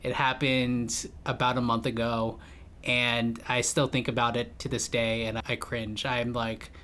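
A woman with an extremely low voice co-hosts a podcast. She chats in a relaxed way. She reacts and laughs along with her partner. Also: measured pace. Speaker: podcast co-host. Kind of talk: casual chat.

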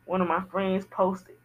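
A woman's voice: mid-range voice, highs cut off. A woman hosting a podcast, talking candidly in a casual personal monologue and repeating phrases for emphasis. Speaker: podcast host.

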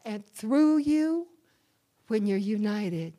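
A woman's voice: mid-range voice, lively intonation, slow pace, mellow. A woman preaching a sermon in church, calling on the congregation to answer back. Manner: call-and-response preaching to a congregation.

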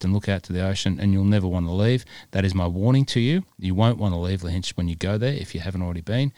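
A man's voice: sits low, a little mellow, no echo. A man co-hosting a podcast in casual chat, rambling along with plenty of fillers. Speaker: podcast co-host.

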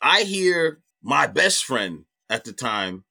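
A middle-aged man, a comedian guest, telling a personal story in animated, profane casual talk. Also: mid-range voice, slow, gravelly.

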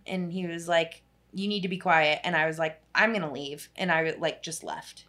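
In a lowish, slightly bright voice at normal speed, a young woman recounts a long personal story over casual chat. She works as a social worker, and her rambling telling is thick with "like" and sprinkled with casual swearing.

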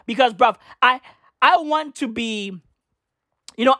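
A man's voice: sits high, pushed and bright, no echo, studio quality. A man ranting casually to camera, profane and slangy, rambling with constant rhetorical questions. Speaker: vlogger.

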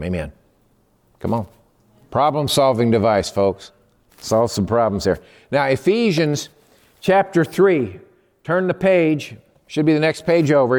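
Animated pastor preaching in a reverberant church. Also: male voice. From Texas. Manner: animated storyteller, acts out a phone call in a high excited voice. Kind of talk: sermon. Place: church sanctuary. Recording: long hall reverb.

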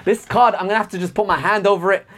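A man's voice: high-pitched, fairly even intonation, very fast, gravelly, fairly bright tone. A man co-hosting a casual chat, opinionated and given to ranting. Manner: opinionated, ranting about gadgets. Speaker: co-host.

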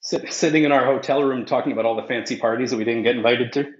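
A man's voice: mid-range voice, fairly even intonation, quick pace, slight background noise. Sarcastic cussing guy on a podcast, echoey room, kinda dull sound. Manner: profane, sarcastic joking. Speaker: podcast co-host. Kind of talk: casual chat. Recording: roomy, slightly dull recording.

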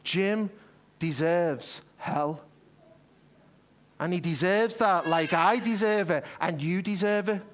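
A man preacher voicing an older wife at her dying husband's bedside, speaking quietly, steadily and slowly. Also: sits high, slight background noise. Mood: calm.

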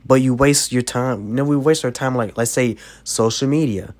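A man's voice: medium pitch, normal speed. Young man rambling through life advice. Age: young adult. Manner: rambling, heavy on "you know" fillers. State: sick, coughing. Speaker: podcast host. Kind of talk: casual advice monologue.

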